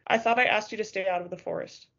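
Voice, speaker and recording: A woman's voice: mid-range voice, fast, vocal fry, fairly bright tone, muffled recording. A woman reading aloud and voicing a worried, stern middle-aged father who is a police chief, asking blunt questions.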